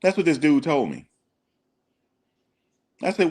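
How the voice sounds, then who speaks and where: A man's voice: on the high side, huge pitch swings, measured pace, long pauses, darkish tone. A man giving casual reaction commentary as an online host, emphatic and slangy and full of rhetorical questions.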